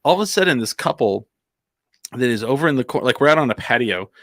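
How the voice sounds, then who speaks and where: A man's voice: medium pitch, animated, fast talker, a bit bright, no room sound, clean studio sound. A man from Albuquerque telling a casual anecdote on a comedy podcast, rambling with plenty of "like" and restarts. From Albuquerque, New Mexico.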